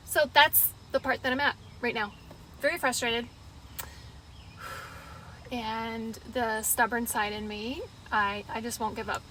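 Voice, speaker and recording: A woman's voice: a little high, fairly even intonation, normal speed, a bit bright, a little hiss or hum. A woman talking viewers through a repair in her pickup truck in a casual how-to vlog, chatty and emotional. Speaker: DIY vlogger.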